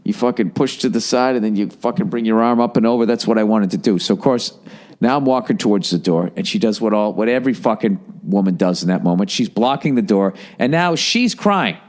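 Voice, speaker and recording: A middle-aged man with a lowish voice tells a long story on his podcast. He rambles, swears a lot, and breaks into animated impressions. A cough he can't shake hangs over his talk. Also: brisk. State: lingering cough. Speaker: podcast host. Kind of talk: casual storytelling monologue.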